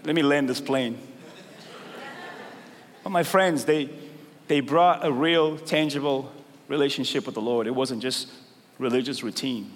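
A middle-aged man preaching a sermon in a church, talking casually with slang, then rising to loud, emphatic points. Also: mid-range voice, unhurried, pauses often. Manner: conversational preaching with slangy asides, building to loud emphatic peaks. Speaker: pastor. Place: large church hall with congregation. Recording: long hall reverb, crowd faintly behind.

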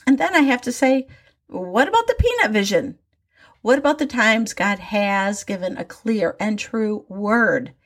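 A woman's voice: medium pitch, lively intonation, measured pace. An older woman with grandchildren, telling a personal faith story in a reflective, wry and self-deprecating way.

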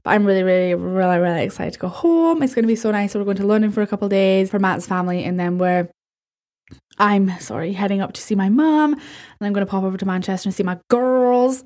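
A woman's voice: mid-range voice, brisk. Bubbly Scottish woman podcast host. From Scotland. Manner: bubbly, rambling, excitable. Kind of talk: casual chat.

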